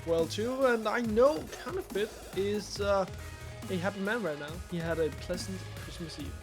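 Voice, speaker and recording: A man co-casting a game stream, reading chat aloud and gently teasing his partner. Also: high voice, moderate pace, music in the background. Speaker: esports co-caster. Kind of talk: casual stream commentary.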